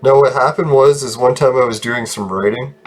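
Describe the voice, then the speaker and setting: A man's voice: mid-range voice, a little fast, breathy edge. A man casually commenting on his own gameplay, rambling, laughing often and swearing. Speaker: gaming video host.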